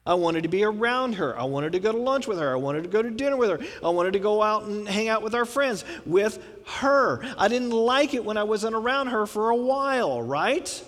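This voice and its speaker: High-voiced pastor in a reverberant hall. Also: male voice, lively intonation, normal speed, hardly any pauses, a bit bright. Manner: folksy, asks rhetorical questions, repeats punchlines. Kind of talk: conversational sermon. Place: church sanctuary. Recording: long reverb of a church hall.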